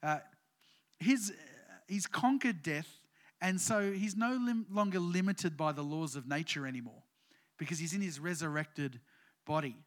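A man's voice: a little high, unhurried. A man, preaching a sermon as pastor in a conversational way with many fillers, building to emphatic points.

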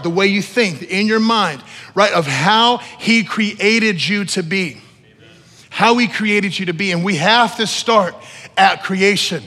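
A man preaching a sermon as pastor to a congregation, repeating key phrases and building to loud emphatic peaks. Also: high voice. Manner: repeats phrases for emphasis, asks the room to respond. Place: church hall with long reverb. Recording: echoey church hall.

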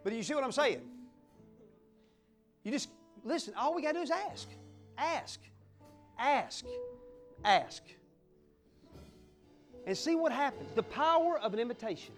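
Male pastor, high lively voice, fiery sermon delivery, faint music underneath. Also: brisk, pauses often. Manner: fiery, exuberant preaching with whoops and acted-out little scenes.

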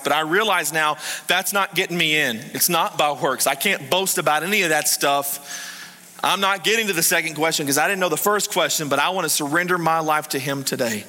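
Brief: male pastor, bright and fairly high, animated storyteller, long hall reverb. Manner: animated storytelling, swings between hushed and excited. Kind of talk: sermon.

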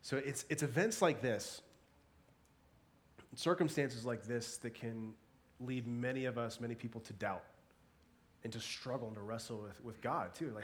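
A man's voice: medium pitch, normal speed, pauses often. Congested man preaching a sermon. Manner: earnest, hesitant restarts, softening into a hushed prayer. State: congested from a cold. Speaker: pastor. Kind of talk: sermon and spoken prayer. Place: church service.

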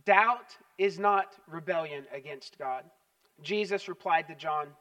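High, bright-voiced man preaching. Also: a little slow, recorded from a distance. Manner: animated storytelling, emphatic repetition. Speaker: pastor. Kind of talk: sermon.

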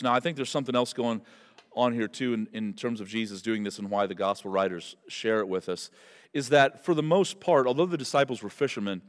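A man preaching an expository sermon, telling the story with animated, emphatic delivery that builds to loud peaks. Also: mid-range voice. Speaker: pastor. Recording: long hall reverb.

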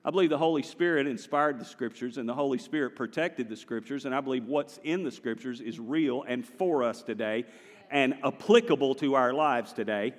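A man preaching a sermon to his congregation in a church, animated and conversational, drawing the congregation in. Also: mid-range voice, moderate pace, big-room sound. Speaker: pastor. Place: large church sanctuary.

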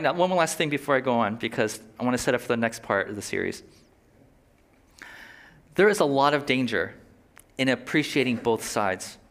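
A man preaching a sermon in a relaxed, conversational way, with quick asides and short laughs. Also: medium pitch. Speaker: pastor.

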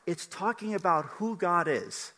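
Older male pastor, chatty and animated, bright high voice in a reverberant hall. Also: unhurried. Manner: animated, conversational, asks the audience questions. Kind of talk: sermon.

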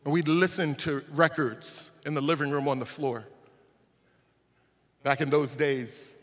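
A male pastor preaching a sermon, telling stories and rising to shouts at the peaks. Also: a little high. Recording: long hall reverb.

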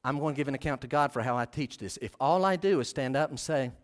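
A man's voice: mid-range voice, fast talker. A man preaching a sermon as pastor, passionate and emphatic.

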